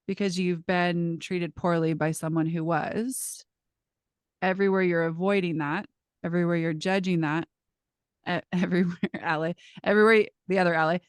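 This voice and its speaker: A woman teaching a live class in a casual, lively way, swearing now and then and restarting her sentences. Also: on the low side, smooth, no echo, clean studio sound. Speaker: class facilitator.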